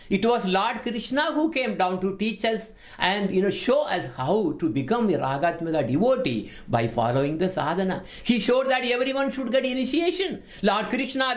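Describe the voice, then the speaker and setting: A man giving a devotional class lecture, emphatic and given to repeating his words. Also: high voice. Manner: animated, emphatic, repeats words while teaching. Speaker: spiritual teacher.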